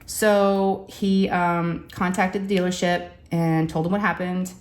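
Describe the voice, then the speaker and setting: A woman's voice: on the low side, slow. A woman, a crafting vlogger telling a story in casual chat and acting out the quotes with animation. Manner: animated, acts out quotes, says y'all.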